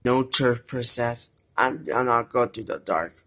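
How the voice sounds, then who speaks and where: A performer voicing a nervous young boy hero in toy play-acting, in a lowered, worried voice that timidly repeats itself. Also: a little slow, noisy background, natural voice.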